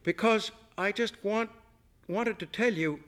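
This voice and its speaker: A man voicing an agitated woman diner whose voice is toneless and shrill, her speech halting and overwrought. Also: expressive, a bit bright, exaggerated voice.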